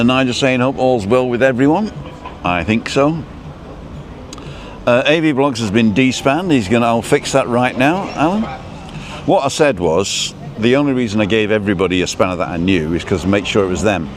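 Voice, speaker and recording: A man's voice: medium pitch, normal speed. A man hosting a casual live stream outdoors, rambling as he reads out viewer comments and adjusts his stream settings. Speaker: livestream host. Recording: noisy outdoor street background.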